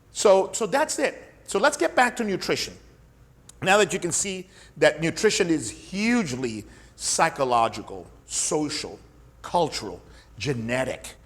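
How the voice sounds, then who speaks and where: A man's voice: a little high, fairly bright tone. A middle-aged man, a fitness coach and podcast host, teaching in an emphatic style with repetition and rhetorical questions. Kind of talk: energetic teaching monologue.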